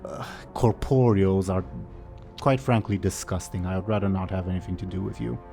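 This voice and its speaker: A man's voice: sits low, steady tone, normal speed, gravelly, dark tone, faint music behind. A man voicing a haughty disembodied ethereal lord who speaks with cold disdain in a tabletop game. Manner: disdainful, superior.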